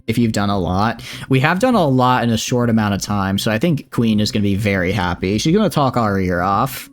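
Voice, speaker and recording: A man's voice: mid-range voice, big pitch swings, a little fast, soft background music. A man with a Southern accent, chatting and joking while streaming a space game and reading its text aloud. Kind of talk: livestream gameplay commentary.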